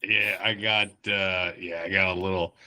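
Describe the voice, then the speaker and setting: A man's voice: sits low, fairly even intonation, moderate pace, vocal fry, bright, forceful tone. A man hosting a casual podcast chat, telling rambling stories and laughing often. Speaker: podcast host. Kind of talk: casual chat over beers.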